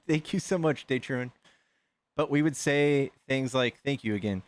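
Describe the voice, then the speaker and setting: A man hosting a casual livestream, excitedly thanking donors and chatting with callers. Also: mid-range voice, unhurried. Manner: excitable, reads donations aloud. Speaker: livestream host.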